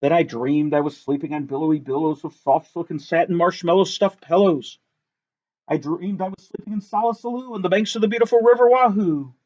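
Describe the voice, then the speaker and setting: A man with a high voice reads a rhyming picture book aloud, bouncing along the rhythm in a lively sing-song. The recording sounds dull and lo-fi, with the top end rolled off. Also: fairly quick. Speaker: reader.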